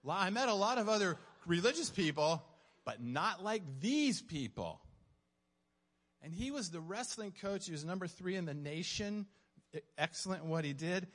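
A man's voice: high voice, animated, moderate pace, a bit bright. A man giving an earnest, self-mocking testimony in a storytelling sermon style. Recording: long reverb of a large hall.

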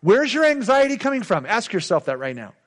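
A man's voice: high voice, sing-song, a little fast. A middle-aged male pastor preaching a sermon with emphatic, repetitive call-and-response lines.

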